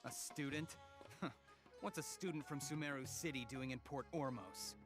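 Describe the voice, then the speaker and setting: A man's voice: mid-range voice, normal speed, over music, close to an everyday voice. An actor playing a smug, scheming male cult member and info broker in a game, who talks in a sneering, mocking way.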